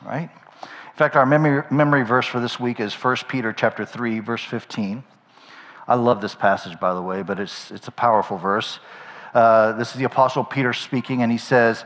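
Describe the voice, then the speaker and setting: A man's voice: medium pitch, normal speed, a bit bright. A man preaching a sermon as pastor, in a conversational style, often checking in with "right?". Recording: long hall reverb.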